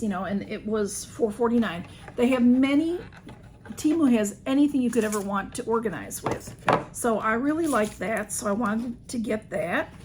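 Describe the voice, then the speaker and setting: Chatty, slightly hoarse woman. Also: a little high, background noise. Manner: chatty, rambling, talks to her cats. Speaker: vlogger reviewing a shopping haul. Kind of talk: casual haul video chat. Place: home.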